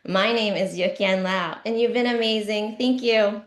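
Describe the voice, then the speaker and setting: A middle-aged woman performing a stand-up comedy set, with deadpan punchlines and sudden shouty bursts. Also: medium pitch, normal speed, hardly any pauses. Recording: roomy echo.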